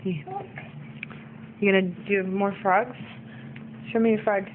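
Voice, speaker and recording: A woman's voice: medium pitch, fairly even intonation, unhurried. Coaxing woman on a tinny phone recording. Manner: coaxing, playful talk to a small child. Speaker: parent filming a toddler. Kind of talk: casual home video. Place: home. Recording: tinny phone recording with clear background noise.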